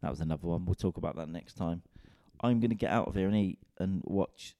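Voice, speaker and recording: A man's voice: low-pitched, brisk, vocal fry, warm tone, no room sound, studio quality. A man, a comedian and podcast host, rambling in a casual, sweary, self-mocking solo rant.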